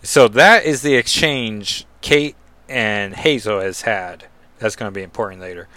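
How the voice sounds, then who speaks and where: A man's voice: fairly low pitch, unhurried, bright, forceful tone, dry recording. A man reading a comic book aloud and breaking off for chatty, digressive, self-deprecating asides. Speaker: comic book reader and commentator.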